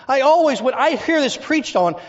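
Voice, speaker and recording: Texan man, pastor, high voice, sermon in a big reverberant church, muffled recording. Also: expressive, moderate pace. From Texas. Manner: storytelling with emphatic repetition and lists. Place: church sanctuary. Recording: dull lo-fi sound with long hall reverb.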